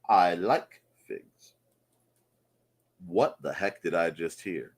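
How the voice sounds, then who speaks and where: A man with a deep, husky voice speaks slowly and pauses often. He hosts a laid-back morning chat show, goofily joking and riffing on viewer comments with mock-announcer asides.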